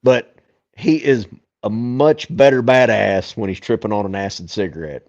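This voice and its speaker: A man's voice: lowish voice, moderate pace, darkish tone, dull audio. A man co-hosting a casual podcast movie discussion, crudely retelling scenes with laughs. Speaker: podcast co-host.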